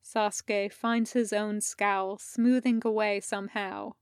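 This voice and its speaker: A woman reading fan fiction aloud in an even, measured storytelling manner. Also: medium pitch, smooth, no echo, studio quality. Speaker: podfic reader.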